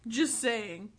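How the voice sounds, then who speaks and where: A woman's voice: a little high, slight background noise. Chatty young woman recapping a movie. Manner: animated retelling with laughing asides. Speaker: podcast co-host. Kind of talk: casual chat reviewing a movie.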